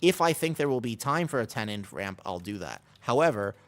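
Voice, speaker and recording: A man chatting casually with his viewers as he streams an online game, rambling with lots of "like" fillers and breaking off for quick game callouts. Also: mid-range voice, big pitch swings. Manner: rambling, many "like" fillers, talking to chat between game callouts. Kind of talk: casual chat while livestreaming a game.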